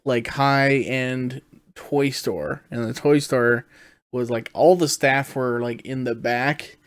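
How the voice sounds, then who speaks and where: A man co-hosting a podcast in a relaxed way, asking questions and chuckling as he tells a dream. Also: medium pitch, slow pace, smooth. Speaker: podcast co-host. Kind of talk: casual podcast chat.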